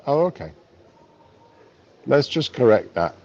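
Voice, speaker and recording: A man's voice: medium pitch, lively intonation, slow, long pauses, a little mellow, muffled recording. A man in his fifties, live streaming from a bar on his phone, chatting wryly and reading chat messages aloud. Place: bar, drinking a pint.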